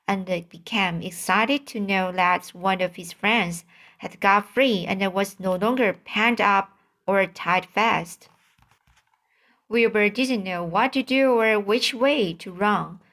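A woman narrating a children's storybook at an unhurried, deliberate pace. Her reading is careful and plain, with the odd stumble where she goes back and restarts a word. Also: mid-range voice, fairly bright tone. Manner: slow, careful reading with occasional slips and restarts. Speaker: audiobook reader.

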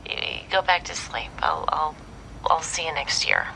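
A woman's voice: low-pitched, huge pitch swings, measured pace, vocal fry, background noise, exaggerated voice. An actress playing a lonely woman who calls a friend at night and is close to tears, in a film clip. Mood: choked up.

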